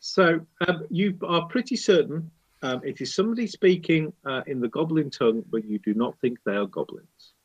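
A man's voice: on the high side, animated, normal speed, husky, dull audio. A man narrating as game master of a tabletop game, hesitant and full of ums.

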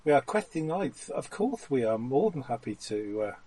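A man's voice: mid-range voice, very animated, normal speed, warm tone, breathy edge. Man playing a creepy, over-polite knight. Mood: courtly. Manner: stiff, formal courtly speech. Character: creepy, overly courteous male knight.

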